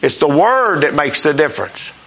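A man preaching a sermon in a folksy, plain-spoken way. He often checks in with his congregation and reads scripture slowly and emphatically. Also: on the high side, sing-song, a bit bright.

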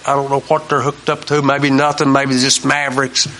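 A man's voice: mid-range voice, monotone, moderate pace, sharp tone. A man hosting a Christian talk show, telling homespun stories in a folksy preaching manner and repeating his key lines for emphasis.

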